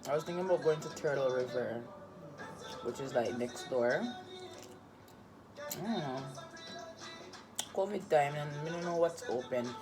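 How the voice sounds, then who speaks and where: A woman's voice: sits low, measured pace, pauses often. Chatty Jamaican woman vlogging, music behind. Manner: rambling, chatty, slangy. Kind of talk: casual vlog chat.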